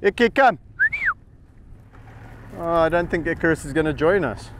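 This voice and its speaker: A middle-aged sanctuary keeper, voice on the high side and steady, talks quickly to animals outdoors in the bush against a noisy background. Filming on a handheld camera, he coaxes and teases them casually, laughing and affectionate.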